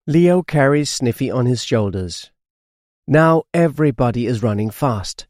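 Slow, expressive storybook narrator, a man. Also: medium pitch, no echo, clean studio sound. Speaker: audiobook narrator.

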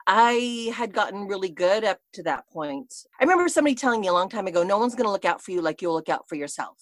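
Middle-aged woman, interview guest, conversational storyteller, medium pitch, dry close sound. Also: expressive, quick pace, no echo. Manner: chatty, quotes herself, many fillers. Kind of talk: casual personal storytelling.

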